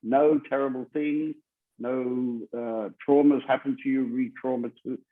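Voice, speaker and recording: A man's voice: mid-range voice, fairly even intonation, measured pace. A man, a spiritual teacher, speaking bluntly and insistently in an online group meeting and hammering his points home. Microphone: video call. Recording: tinny video call audio.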